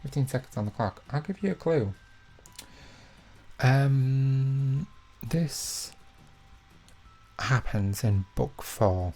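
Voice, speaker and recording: A man's voice: medium pitch, expressive, measured pace, darkish tone, slight background noise. A young man hosting a live online quiz, reading each question twice and filling the gaps with chatty, self-mocking asides. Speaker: quiz host.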